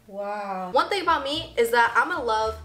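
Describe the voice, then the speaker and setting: A woman's voice: on the high side, expressive, moderate pace, a bit bright, reverberant, a little hiss or hum. A woman in her twenties, a YouTuber chatting casually through an unboxing vlog, bubbly and giggly with emotional asides. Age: 20s.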